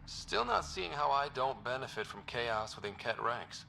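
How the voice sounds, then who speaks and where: A man's voice: medium pitch, very animated, normal speed, creaky, pushed and bright, a little hiss or hum, exaggerated voice. An actor playing a skeptical young male space explorer with a dry, sardonic manner.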